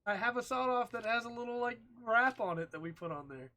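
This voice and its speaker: Streamer, male, high and very bright voice, chatty, reads aloud with wry asides. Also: expressive, fast talker. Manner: chatty, jokey, talks to chat, reads text aloud with asides. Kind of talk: casual gameplay commentary and reading aloud.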